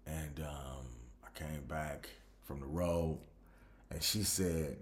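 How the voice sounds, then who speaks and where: Slow and extremely low-pitched, this man's voice carries a casual personal story on his podcast. He restarts often while retelling it with animation.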